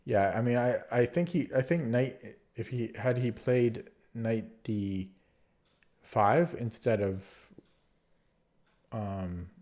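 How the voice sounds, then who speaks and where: Hesitant and muttering, a man plays online chess and voices his move choices to himself as he thinks. His medium-pitched voice has a darkish tone and a slow pace, made nasal by allergy congestion.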